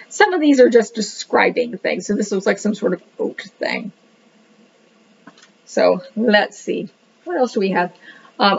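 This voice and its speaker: Gravelly, breathy woman rambling through a book. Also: mid-range voice. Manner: rambling, hesitant, many fillers; self-deprecating about pronunciation. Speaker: book reviewer. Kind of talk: casual book review. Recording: dull lo-fi recording.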